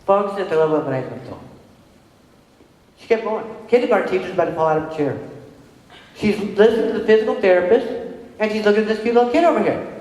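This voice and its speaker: A middle-aged woman and parent giving a conference presentation to an audience, telling stories conversationally and checking in with the room. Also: mid-range voice. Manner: animated storytelling with quick restarts. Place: large hall with an audience. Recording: very echoey hall with long reverb.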